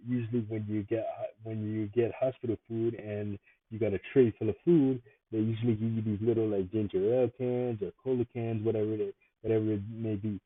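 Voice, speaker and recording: A man's voice: on the low side, no room sound. A man vlogging, telling funny stories in a rambling, casual way and laughing at them as he goes. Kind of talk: casual storytelling. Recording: tinny phone-like dry sound.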